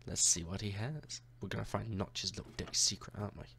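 A young man chatting through a game he is playing, joking and talking back to the characters. His low voice has a gravelly edge, and a faint hiss sits under the recording. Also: fast talker, bright, forceful tone. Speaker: gaming YouTuber. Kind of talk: let's-play commentary.

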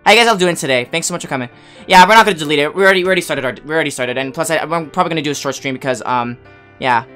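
A man hosting a casual gaming livestream on a headset mic, excitable and swearing, flipping between mock rage and cheerful chat. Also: a little high, rapid-fire, clean tone, faint music behind. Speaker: streamer host.

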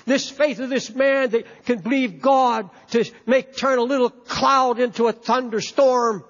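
Preacher, male, very high voice, fervent sermon delivery, dull lo-fi hall recording. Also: fairly even intonation, unhurried. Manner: impassioned, emphatic, repeats words. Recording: echoey hall, dull lo-fi sound.

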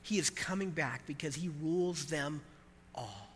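A man preaching a sermon as pastor to a live congregation, animated and emphatic, quizzing the church. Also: fairly high pitch, unhurried, long reverb tail, a little hiss or hum.

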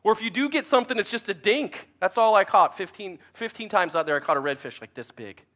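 A man's voice: high-pitched, animated, fast talker, fairly bright tone. A man, preaching a sermon in a chatty, self-deprecating storytelling way. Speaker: pastor.

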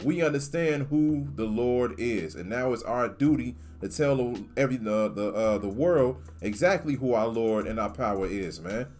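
Emphatic, slangy male scripture teacher. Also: medium pitch. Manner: emphatic and slangy, often ends lines with "man". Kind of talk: reading and commenting on scripture.

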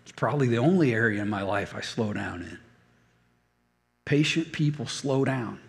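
A man's voice: medium pitch, expressive, moderate pace, gravelly, big-room sound. An older man preaching a sermon as a pastor, telling stories and repeating key phrases for emphasis. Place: church hall.

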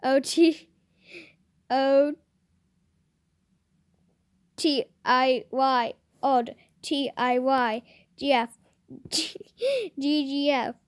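Host reading chat messages; female, unhurried, giggly, dry close sound. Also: high-pitched, dry recording. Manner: giggly, chatty read-aloud with bursts of laughter. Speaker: channel host.

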